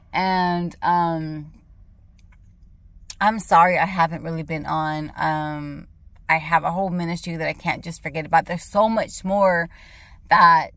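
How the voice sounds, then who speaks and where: A woman's voice: fairly low pitch, dry recording. A woman running a Christian ministry, talking casually and emphatically about faith in a vlog from her parked car. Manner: animated, emphatic retelling.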